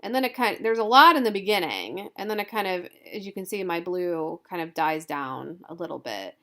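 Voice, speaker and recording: A woman's voice: lowish voice, lively intonation, a little fast, bright, forceful tone. A woman college instructor giving a recorded lecture, informal and thinking aloud as she goes.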